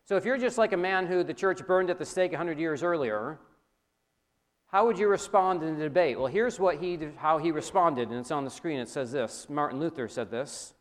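Male preacher, slightly higher voice, lively lecturing sermon delivery. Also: normal speed. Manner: animated, rising emphasis, addresses audience directly.

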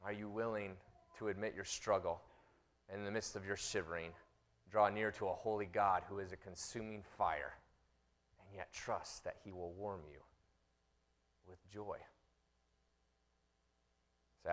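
A middle-aged man preaching a sermon as pastor, swinging between loud impassioned passages and quiet, intimate ones. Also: on the low side, steady tone, moderate pace, pauses often.

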